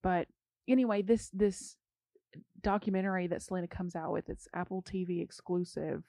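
A woman's voice: lowish voice, fairly even intonation, moderate pace, mellow, no echo, clean studio sound. A young woman co-hosting a casual gossip chat, chatty and hedging, often trailing off mid-sentence. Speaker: podcast co-host.

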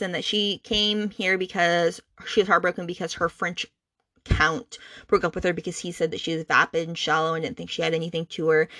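A woman's voice: lowish voice, fairly bright tone, no room sound, studio quality. A woman hosting a book podcast, recapping a romance novel in a chatty, indignant way full of fillers. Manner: chatty, many "like"s, indignant asides.

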